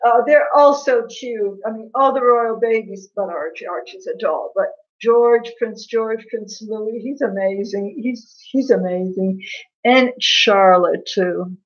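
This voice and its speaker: On her casual livestream, this host chats in a gossipy way, laughs a lot, and responds to viewers by name. She has a medium-pitched voice and keeps a measured pace, heard through dull lo-fi livestream audio.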